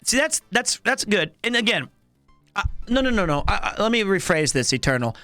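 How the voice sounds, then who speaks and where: A man in his thirties chatting casually on a live stream, animated and rambling with lots of restarts. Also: high-pitched, brisk, no room sound, faint music behind. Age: 30s.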